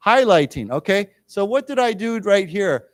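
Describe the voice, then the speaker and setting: A man teaching an English vocabulary lesson in a library lecture room. He explains each word slowly and leads the class in repeating it. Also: high voice, very animated, no echo, clean studio sound.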